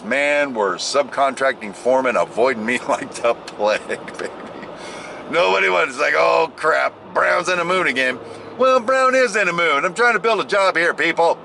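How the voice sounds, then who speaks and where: A man's voice: a little high, lively intonation, a little fast, bright, forceful tone, a little hiss or hum. An American man hosting a casual driving vlog on his way home from work, rambling and joking and laughing at his own jokes. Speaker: vlog host. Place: car on the road.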